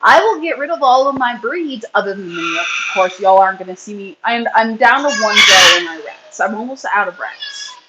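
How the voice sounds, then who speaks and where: A woman's voice: mid-range voice, animated, a little fast, very noisy. A woman in her thirties hosting a casual livestream chat, rambling and reading comments while feeding her kids. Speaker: livestream host and rabbit breeder.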